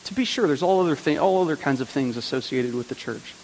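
An earnest pastor preaches a sermon to his congregation in a church sanctuary, using repeated phrases and rhetorical questions. His voice is fairly high, expressive, quick and a little mellow, and the recording has long reverb and faint hiss.

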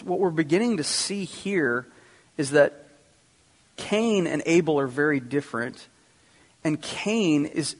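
Husky-voiced man preaching in a hall. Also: fairly high pitch. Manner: earnest teaching, addresses congregation directly. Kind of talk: sermon. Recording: long reverb of a hall.

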